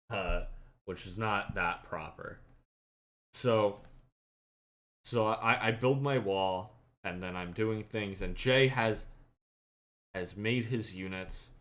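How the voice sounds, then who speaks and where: A man hosting a casual podcast and telling a gaming story with animated, acted-out quotes. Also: lowish voice. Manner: animated, acts out friends' lines loudly, laughs. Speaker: podcast host and streamer.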